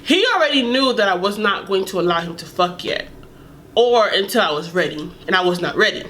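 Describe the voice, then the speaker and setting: A young adult woman telling a candid, animated storytime vlog, sometimes laughing and dropping to a whisper. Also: mid-range voice, fairly quick, slight background noise. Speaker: vlogger.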